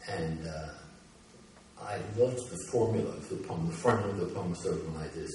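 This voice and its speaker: A man in his seventies from the United States gives a public talk and reads his poems, talking in an easy way with many "uh" pauses and slowing to a measured pace for the verse. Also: deep voice, background noise. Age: 70s. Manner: conversational with frequent "uh" pauses, slow and measured when reading poems. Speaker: poet giving a reading. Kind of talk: public talk and poetry reading. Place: large hall with an audience. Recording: very echoey hall, voice from far off.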